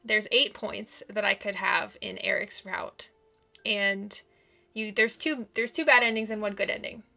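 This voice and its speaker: A woman's voice: mid-range voice, fairly even intonation, measured pace, creaky, bright, forceful tone, faint music behind. A woman commenting on her visual novel playthrough, exasperated and exclaiming often. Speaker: let's play gamer.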